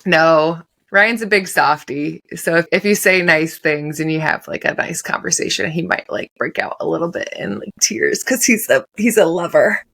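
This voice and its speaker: A woman's voice: fairly low pitch, moderate pace, vocal fry, few pauses, a bit bright. A pregnant woman co-hosting a podcast, telling stories in casual chat and laughing often. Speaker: podcast co-host.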